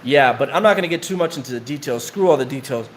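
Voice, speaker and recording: While getting tattooed by a friend, a man rambles through profane, slang-heavy prison stories in a casual way. His mid-range voice moves quickly with lively intonation, and the audio carries a faint hiss or hum.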